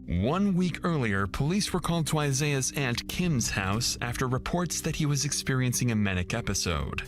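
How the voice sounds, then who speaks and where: A man narrating a true-crime documentary in a measured, suspenseful delivery. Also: mid-range voice. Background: music.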